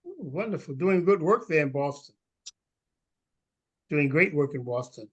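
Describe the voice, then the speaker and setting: A man hosting an online meeting and calling on people, halting with fillers and restarts. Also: on the high side, expressive, husky, dull audio. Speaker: meeting host. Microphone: video call.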